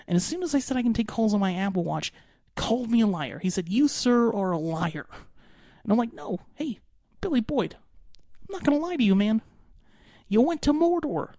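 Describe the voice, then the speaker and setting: A young man hosting a podcast, giving an excitable, rambling recap full of fillers. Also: sits high, no room sound, studio quality. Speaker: podcast host.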